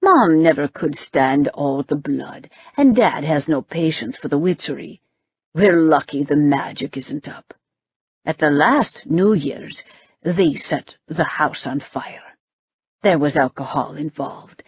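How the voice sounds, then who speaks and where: A woman's voice: sits low, lively intonation, slow, husky, no room sound, lo-fi sound, exaggerated voice. A woman doing a dry, weary young man. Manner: dry, matter-of-fact.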